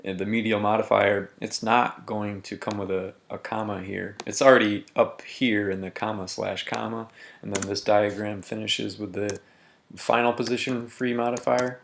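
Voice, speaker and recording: Male teacher, lowish voice, methodical recorded lesson, slow emphatic reading of examples, faint typing behind. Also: level tone, gravelly, slight background noise. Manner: methodical, reads example sentences slowly with emphasis. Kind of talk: recorded grammar lesson walkthrough.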